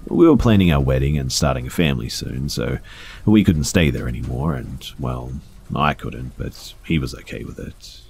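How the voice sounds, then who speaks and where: A man's voice: rumbling low, expressive, normal speed, vocal fry, darkish tone, a little hiss or hum. A man reading first-person stories aloud in a conversational way, with small fillers along the way. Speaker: storyteller.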